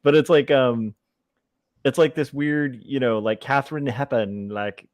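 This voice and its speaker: A man's voice: medium pitch, moderate pace, no room sound. Rambling man on a dry close mic. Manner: rambling, thinks out loud. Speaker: livestream host and comic artist. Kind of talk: casual chat while drawing.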